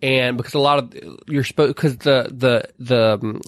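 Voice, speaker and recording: A man's voice: mid-range voice, steady tone, moderate pace, dry recording, clean studio sound. A man co-hosting a podcast in casual chat, retelling scenes at length and teasing his co-host playfully.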